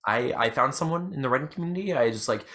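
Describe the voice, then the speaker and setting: A young man hosts a casual chat podcast at an ordinary, mid-range pitch. He rambles and restarts his sentences often. He jokes at his own expense as he talks. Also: lively intonation, fast, fairly bright tone. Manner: rambling, self-deprecating, lots of fillers and restarts. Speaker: podcast host.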